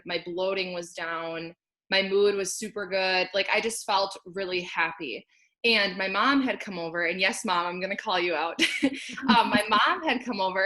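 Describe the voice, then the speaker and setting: In a mid-range voice that's bright and forceful, a young woman chats from home about her own success. The testimonial is relaxed and upbeat; she laughs often and keeps saying "like."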